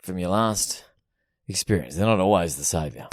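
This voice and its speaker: A man's voice: low voice, expressive, normal speed. Australian man riffing crude jokes. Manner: crude joking riffs, swears freely. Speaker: podcast co-host. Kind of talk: casual banter.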